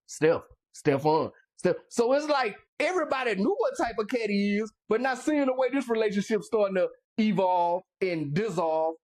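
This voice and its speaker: A man from Louisiana hosting a talk show, animated and emphatic in casual chat. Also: high voice. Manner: animated, emphatic, quick interjections.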